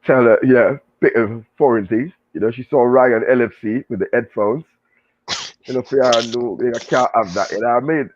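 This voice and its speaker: A man with a Jamaican accent chatting casually about football, animated and full of patois banter. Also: mid-range voice, normal speed. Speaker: show guest and pundit. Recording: tinny phone line.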